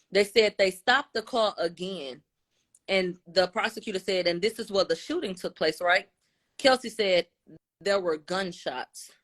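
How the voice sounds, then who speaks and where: A woman giving a casual spoken recap, retelling what others said with shifts in tone and loudness. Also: mid-range voice. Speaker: commentator.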